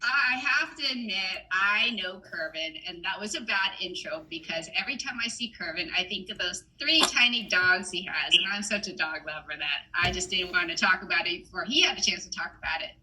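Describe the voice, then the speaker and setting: A woman hosts a comedy showcase with a very bright, sharp voice. She talks in a quick, chatty way. Her video call audio carries a faint hiss of noise. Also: fairly low pitch, expressive, poor audio. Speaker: showcase host. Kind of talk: casual hosting.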